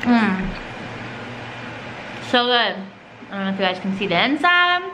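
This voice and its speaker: A young woman and mother chatting to camera in a casual family vlog, excitable and full of fillers like "so anyways". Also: mid-range voice, measured pace, noisy background.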